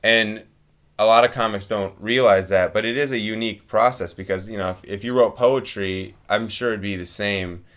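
A man, a stand-up comic, chatting casually and telling animated stories, acting out quotes and laughing often. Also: fairly low pitch, normal speed. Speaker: stand-up comedian guest. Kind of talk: casual chat, storytelling.

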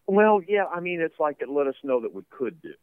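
A man's voice: fairly high pitch, big pitch swings, fairly quick, clear, resonant tone, no room sound, phone-quality sound. A man talking casually as a musician guest in an interview, rambling with lots of fillers and laughs. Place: home basement studio.

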